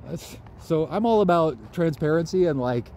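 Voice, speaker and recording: A man's voice: on the high side, lively intonation, moderate pace, a little mellow, a little hiss or hum. A man vlogging outdoors in a park, musing in a loose, conversational way. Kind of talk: casual outdoor monologue.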